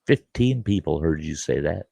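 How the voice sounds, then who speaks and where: A man's voice: rumbling low, lively intonation, normal speed, vocal fry, dark tone, slightly rough, no echo, voice pushed down, heavily acted. An older man quoting his exasperated wife as she scolds him. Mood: scolding. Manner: scolding, firm.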